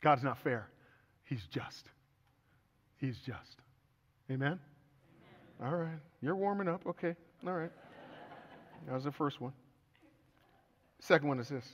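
A man's voice: on the high side, animated, slow, long pauses. A middle-aged man preaching a sermon as pastor, telling stories with humor and earnest turns. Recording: echoey hall, dull sound.

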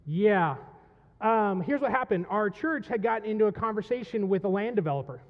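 A man with a high voice delivers an impassioned sermon, swinging from hushed reflection up to loud, pleading cries. His voice carries a long reverb from a church hall, and the sound is a bit muffled. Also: expressive, a little fast. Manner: impassioned, rising to loud pleading when voicing the psalm. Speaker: pastor. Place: church sanctuary.

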